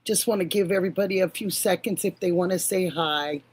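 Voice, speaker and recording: An older woman hosting a live stream, warmly greeting viewers by name and calling them honey and sweetheart. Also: on the low side, a little fast, slightly rough. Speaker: livestream host.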